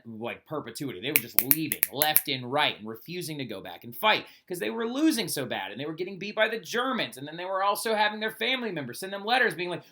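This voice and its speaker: A man teaching a recorded history lesson in a lively, conversational way, ending sentences with "right?". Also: on the high side. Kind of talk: recorded flipped-classroom lecture.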